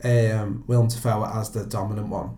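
A man's voice: fairly low pitch, little pitch movement, moderate pace, warm tone, roomy sound. A man hosting a casual film discussion, chatty and fond of quoting lines aloud. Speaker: podcast host, film reviewer.

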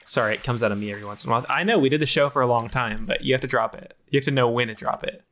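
A man's voice: mid-range voice, very fast, a bit bright, a little hiss or hum, lightly acted. A man voicing a petty male chipmunk who nags and needles his partner in improv comedy. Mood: nagging. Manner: nagging, needling, argumentative. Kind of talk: improv comedy role-play.

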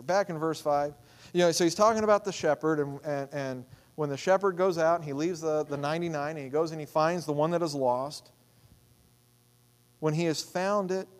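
A man delivers a sermon in a notably high voice. He speaks conversationally, with restarts and asides, and swings between loud outbursts and soft, hushed lines. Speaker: pastor.

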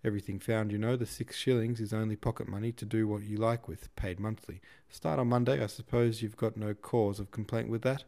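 A man reading a novel aloud, voicing a brusque, boastful middle-aged shop manager, a bit higher and louder than his narration. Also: fairly even intonation, fairly quick, creaky, hardly any pauses. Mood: pompous.

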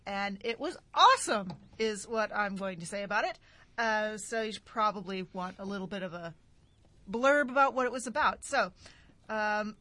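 A woman's voice: fairly high pitch, bright, forceful tone, no echo. A woman guest on a radio show, rambling through a book review in a casual way. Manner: chatty, rambling, self-deprecating.

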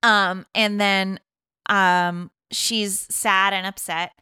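A woman from Boston casually retelling a film plot, animated and full of fillers, acting out the dialogue. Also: mid-range voice, drawn-out words, smooth, no echo, studio quality.

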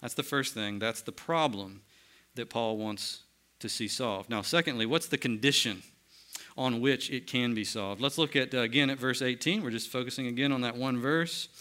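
A man's voice: medium pitch, moderate pace, bright, forceful tone. A man preaching a sermon, teaching earnestly and asking his listeners rhetorical questions. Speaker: pastor.

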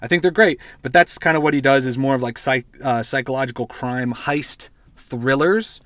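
A man's voice: mid-range voice, moderate pace, a bit bright, no echo. A man hosting a casual podcast, recapping a movie in a rambling way with lots of fillers, restarts and swearing. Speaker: podcast host.

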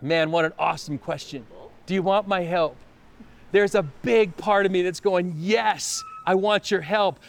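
A pastor telling a personal story in a sermon, lively at times and quiet and prayerful at others. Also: male voice, high voice, unhurried, creaky.

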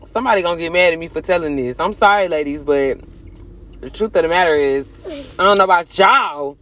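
A young adult woman chatting casually to her viewers, swinging from loud bursts to hushed asides as she curses and jokes. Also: on the low side, a little fast. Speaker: vlogger. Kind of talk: casual chat to camera.

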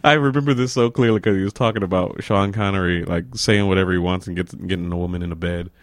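A man with a lowish voice talks loosely among friends in a casual chat. He rambles through stories with many restarts. The sound is dry and close, with no room around it. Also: fairly even intonation, fast, no room sound. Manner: rambling, laughs mid-story. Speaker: comedian and show promoter. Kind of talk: casual banter between comedians.

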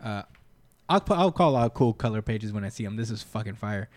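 A man's voice: on the low side, animated, fairly quick. A man co-hosting a podcast, recapping a manga chapter in rambling casual chat full of "uh"s. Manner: rambling, many "uh"s, laughs often. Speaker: podcast co-host.

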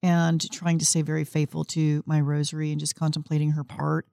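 A woman host with a low, mellow voice guides an interview. She asks questions gently and affirms what her guest says. The recording is dry and close. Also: completely flat delivery, fairly quick, vocal fry, dry recording. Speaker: podcast host. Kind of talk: interview conversation.

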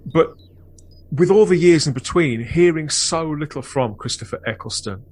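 A man's voice: a little high, normal speed, darkish tone. Reflective man hosting a fan podcast. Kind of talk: casual chat and reflective narration.

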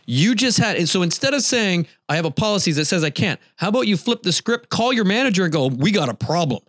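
A man's voice: high voice, big pitch swings, quick pace, fairly bright tone, dry recording, studio quality. A middle-aged man co-hosting a podcast, telling a long story in casual chat and laughing often. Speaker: podcast co-host.

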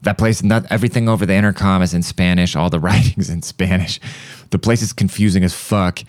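Very low and smooth, with fairly even intonation and a slightly fast pace, a man's voice carries casual comedic stories on his podcast. He's profane and rambling and slips into mouth-made beat sounds that mimic music. The studio podcast mic recording is close and dry, with no room sound.

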